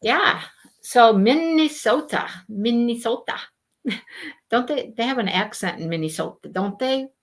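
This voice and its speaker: A woman hosts a relaxed live stream, chatting and telling stories to her viewers. Her pitch sits a little high and swings widely as she talks. She greets people by name between stories. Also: measured pace. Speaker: livestream host. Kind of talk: casual live chat.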